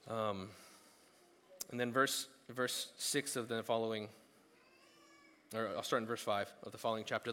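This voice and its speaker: Forceful male pastor in an echoing hall. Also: medium pitch, a little slow. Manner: casual, animated storytelling. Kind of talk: sermon. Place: church service hall. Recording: long hall reverb.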